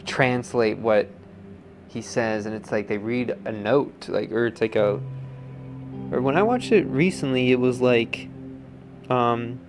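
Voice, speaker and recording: A man's voice: mid-range voice, a little slow, long pauses, music in the background. A man who makes pottery, chatting in a rambling, joking way with lots of fillers. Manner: rambling, filler-heavy, jokey. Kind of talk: casual interview chat.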